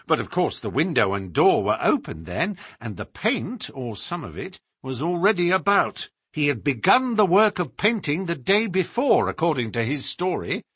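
A man's voice: on the high side, big pitch swings, normal speed, few pauses, fairly bright tone, slightly rough, no room sound, clean studio sound, heavily acted. A man reading a story aloud, giving the lines of a practical male police inspector in a matter-of-fact, explanatory way.

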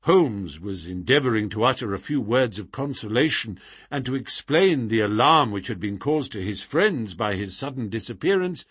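Expressive husky male audiobook narrator. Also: mid-range voice, dry recording, clean studio sound. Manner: expressive, dramatic storytelling. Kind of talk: audiobook reading of classic fiction.

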